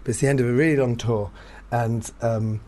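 A man's voice: mid-range voice, steady tone, fairly quick, mellow. A man telling a story in casual chat, rambling, restarting his sentences often and laughing between them.

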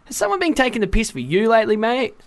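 A man hosting a casual radio show, chatting and telling animated stories to his co-host. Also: very high-pitched, fast talker.

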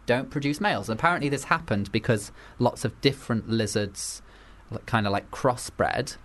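A man's voice: mid-range voice, animated, moderate pace, a bit bright. Chatty male radio host, rambling. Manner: chatty, rambling, filler-heavy. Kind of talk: casual radio chat.

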